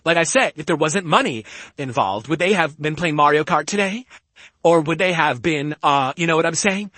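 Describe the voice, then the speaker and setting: A man's voice: on the high side, pushed and bright, husky, no echo. A man on a live stream, reading viewer donations aloud and rambling defensively in a voice altered by a voice changer. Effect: voice changer altering his voice.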